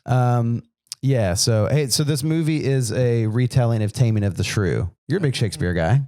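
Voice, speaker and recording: A man co-hosting a podcast in casual chat, relaxed and joking, with frequent fillers. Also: mid-range voice, moderate pace, clear, resonant tone, dry recording, studio quality. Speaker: podcast co-host.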